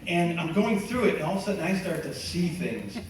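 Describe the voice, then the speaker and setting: A man giving a testimony, telling his story in a lively, conversational way, laughing often and using many fillers. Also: fairly high pitch, fairly quick. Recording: echoey hall from far off, faint noise.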